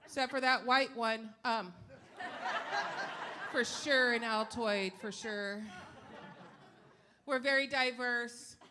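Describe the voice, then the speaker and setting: A woman's voice: a little high, steady tone, slow pace, long pauses, sharp tone. A middle-aged woman from Yakima, Washington, doing a brash, salty stand-up set on a live stage. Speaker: stand-up comedian. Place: live comedy stage before an audience.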